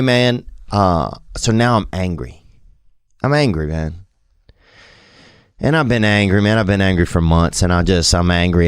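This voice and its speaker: Southern guy in his 30s rambling thru a story, lowish voice, dry close sound. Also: clear, resonant tone, dry recording. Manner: drawling, meandering, self-deprecating, trails off. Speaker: comedian telling a story.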